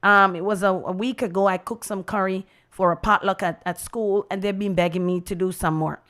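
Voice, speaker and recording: A Jamaican woman hosting a radio program, telling a story in a chatty, animated way and acting out the voices of the people she quotes. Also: mid-range voice, fairly quick. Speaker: radio host. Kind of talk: casual storytelling monologue.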